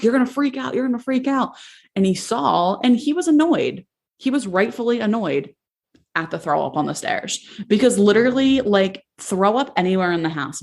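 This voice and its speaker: A young woman hosting a podcast, candidly telling a personal story in a casual, emotional way, with many "like"s. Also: sits low. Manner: candid, emotional, says "like" often. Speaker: podcast host.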